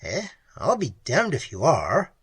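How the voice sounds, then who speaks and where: A man's voice: mid-range voice, huge pitch swings, unhurried, breathy edge, no room sound, full character voice. Man voicing a blunt male explorer. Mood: curious. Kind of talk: audiobook character reading.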